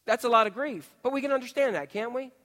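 High-voiced male preacher in a reverberant hall. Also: fast. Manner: peppers the audience with rhetorical questions; swings between quiet asides and loud outbursts. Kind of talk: sermon. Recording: long reverb of a large hall.

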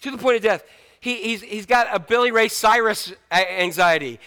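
A man preaching a sermon as pastor, slowing down for dramatic emphasis and acting out quotes. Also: high voice, bright, forceful tone, smooth.

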